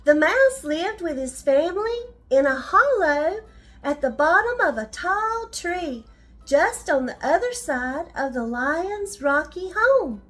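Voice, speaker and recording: An older woman reads a bedtime story aloud to children, speaking to them gently and asking questions as she goes. Her voice is very high and she takes her time, with soft music faintly in the background. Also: very animated, slow.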